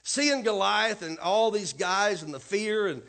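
High-voiced man preaching a sermon. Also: unhurried, creaky, fairly bright tone. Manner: emphatic preaching with rising, punchy lines and asides to the congregation. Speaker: pastor.

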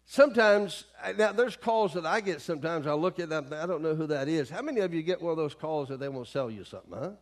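A man's voice: fairly high pitch, animated, fast talker, hardly any pauses. A middle-aged male pastor preaching a sermon in a folksy way, with many asides and calls to the congregation.

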